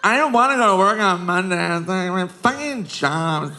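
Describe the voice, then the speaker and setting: A man playing a loud drunk young woman at a bar, whiny and shrieking. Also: sits high, expressive, normal speed, voice pushed up, exaggerated voice. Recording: live comedy club, audience noise.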